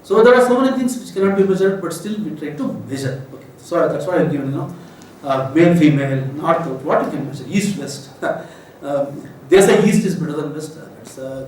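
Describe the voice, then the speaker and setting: A man's voice: fairly high pitch, expressive, a little fast, a little mellow. A man in his seventies with an Indian English accent, giving a rambling, emotional lecture full of fillers. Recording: roomy echo, voice from a distance, faint noise.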